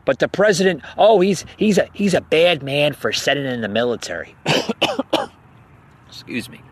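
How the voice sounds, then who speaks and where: A man's voice: fairly high pitch, sing-song, unhurried. Heated, stammering man ranting. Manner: agitated, repeats words and stammers, sarcastic. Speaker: podcast host. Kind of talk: heated political rant.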